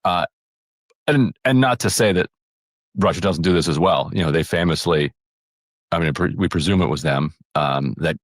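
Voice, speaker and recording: A man's voice: deep voice, normal speed, long pauses, dry recording, studio quality. A man co-hosting a podcast, chatting casually about politics with many restarts, played as a clip. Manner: rambling, many restarts, quotes others in paraphrase. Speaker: podcast co-host.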